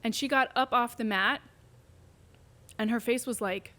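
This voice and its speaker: A woman's voice: fairly high pitch, unhurried. A woman physical therapist telling a patient's story in an interview, acting out the voices she quotes. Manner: animated, acts out quoted voices. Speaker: pelvic physical therapist, guest.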